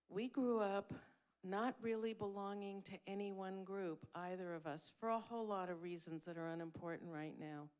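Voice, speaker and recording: A woman's voice: on the low side, a little mellow, smooth. A woman giving a candid, heartfelt spoken tribute at a memorial; she is blunt and swears freely. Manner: heartfelt and emotional. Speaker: eulogy speaker at a memorial.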